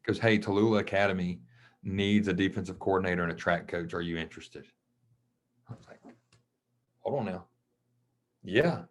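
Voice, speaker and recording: A man, a coach from Mississippi, telling his story in a casual interview, animated, acting out the voices of people he quotes. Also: deep voice, moderate pace, pauses often. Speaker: guest, track and football coach. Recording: dull lo-fi podcast audio.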